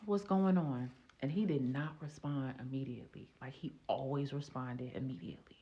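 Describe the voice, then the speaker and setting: A woman vlogger telling a personal story and giving relationship advice in a casual, animated, playful way, with teacherly asides. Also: extremely low pitch, normal speed, few pauses. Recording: dull lo-fi audio.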